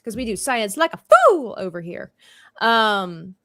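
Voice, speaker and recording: A woman hosts a casual coloring tutorial with a middle-pitched voice. She chats freely and breaks into laughter often. The sound is close and dry, with no room around it. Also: animated, measured pace, fairly bright tone, dry recording. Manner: chatty, playful, laughs often. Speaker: livestream host and art teacher.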